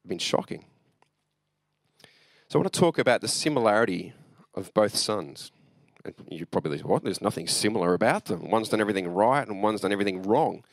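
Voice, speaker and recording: A pastor giving a sermon in an earnest, conversational way, reading scripture and then explaining it with asides. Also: male voice, fairly low pitch, no room sound.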